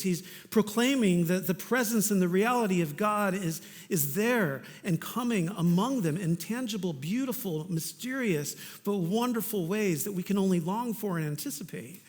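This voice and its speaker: A male pastor with a fairly high voice preaches in an earnest, conversational style and drops in casual asides. His words ring out with the long reverb of a church hall. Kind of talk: sermon.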